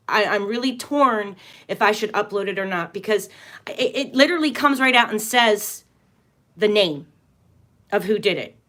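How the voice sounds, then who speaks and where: A woman's voice: fairly high pitch, bright, forceful tone. A woman hosting a tarot and astrology livestream, talking casually in an earnest, emphatic way, rambling and restarting her sentences often.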